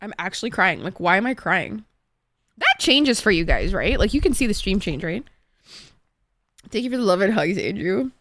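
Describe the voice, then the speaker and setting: Lively, chatty young woman streamer. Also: mid-range voice, normal speed, long pauses, noisy background. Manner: chatty, emotional, swears freely. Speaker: live streamer. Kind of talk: casual chat with stream viewers.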